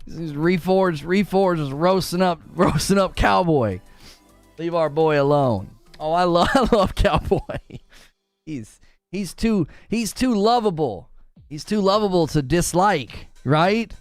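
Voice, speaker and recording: Lively, animated male gaming streamer. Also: a little high, unhurried, no room sound, faint music behind. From Northern Ohio. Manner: laughing often, teasing chat, animated. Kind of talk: casual live-stream chat.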